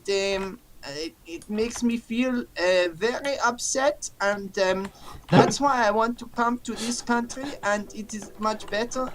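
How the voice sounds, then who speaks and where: A woman voicing a pushy male taxi job applicant in a put-on Mexican accent, broken English full of "uh" and "yes", over loud music. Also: medium pitch, background noise, natural voice.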